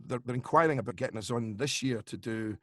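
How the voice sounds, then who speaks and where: A man's voice: mid-range voice, fast talker, a bit bright, no room sound, clean studio sound. A man, a voice actor and impressionist, chatting casually on a video call, trailing off and restarting as he talks. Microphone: video call microphone.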